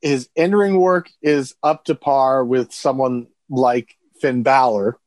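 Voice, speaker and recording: A man's voice: medium pitch, fairly even intonation, slow, a little mellow, no room sound. A man co-hosting a casual podcast, giving blunt, opinionated takes. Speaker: podcast co-host. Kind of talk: casual wrestling opinion chat.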